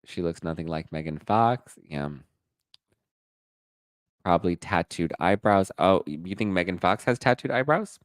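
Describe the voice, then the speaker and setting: A man's voice: sits low, animated, unhurried, dry recording. Sassy gossiping man, dry close mic. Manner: sassy, dishy gossip with mock outrage. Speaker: host. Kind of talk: casual chat with live chat.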